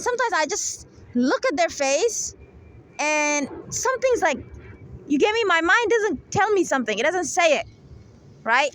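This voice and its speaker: High-voiced woman lecturing insistently. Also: very animated, unhurried, fairly bright tone. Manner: repetitive, keeps checking with "right?" and "okay?". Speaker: channel host. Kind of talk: rambling monologue to camera.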